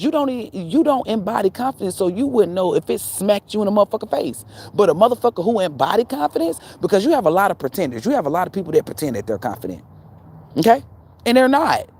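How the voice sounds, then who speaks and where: A woman's voice: on the low side, dark tone, slight background noise. A woman giving a profane, preachy spiritual rant straight to her viewers, full of rhetorical questions. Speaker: spiritual channel host.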